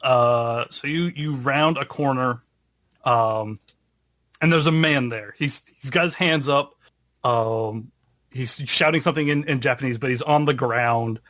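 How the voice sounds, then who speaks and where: A man runs a tabletop game as game master, describing scenes slowly. He pauses often and fills gaps with ums. His voice sits in a mid range and sounds dry and close. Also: mid-range voice, fairly bright tone, no room sound. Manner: halting, filler-heavy narration.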